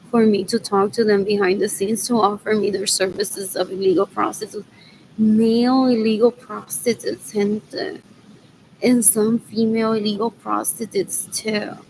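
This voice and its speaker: A woman talks in a rambling monologue, circling back on the same words and muttering asides. Her mid-pitched voice has a gravelly fry running through it. A faint hum sits behind her. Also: a little mellow, low-quality recording. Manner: repetitive, drifting, mutters asides, drops Spanish words. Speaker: vlogger.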